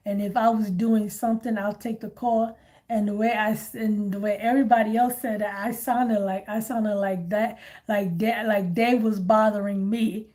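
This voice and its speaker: On a relaxed live stream, a woman who reads tarot chats freely with her viewers, telling long stories and laughing easily. Her voice is pitched a little higher than most women's.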